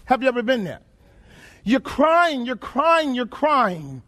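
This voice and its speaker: A man's voice: very high-pitched, sing-song, slow pace, sharp tone. A man preaching a sermon, prodding his listeners with rhetorical questions and repeating phrases in rhythm. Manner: emphatic call-and-response questioning.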